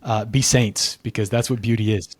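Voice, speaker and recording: A young man co-hosting a faith podcast, speaking in an earnest, measured way with preacherly emphasis. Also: fairly low pitch, fairly even intonation, dry recording, studio quality. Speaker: podcast co-host. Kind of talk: reflective faith podcast talk.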